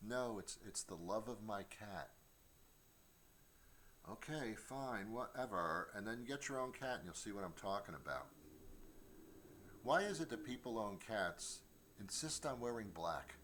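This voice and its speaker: A man's voice: lowish voice, animated, moderate pace, a bit bright, a little hiss or hum. A middle-aged man hosting a comedy show from his home studio, rambling through a stand-up monologue with stammered restarts and mock voices. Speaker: comedian host.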